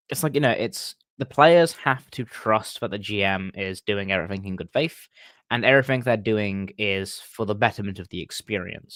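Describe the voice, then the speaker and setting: A man's voice: fairly low pitch, a bit bright, dry recording. A man talking casually about running tabletop games, hesitant and full of ums and restarts. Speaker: game master and stream co-host. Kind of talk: casual podcast chat.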